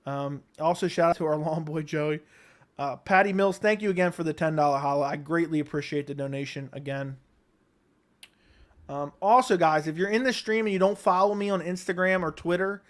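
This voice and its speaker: A young man from Baltimore hosting a live stream, answering chat questions in a relaxed, rambling way. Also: on the high side. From Baltimore, Maryland. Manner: relaxed, rambling, thinks aloud with many ums. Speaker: livestream host reading chat.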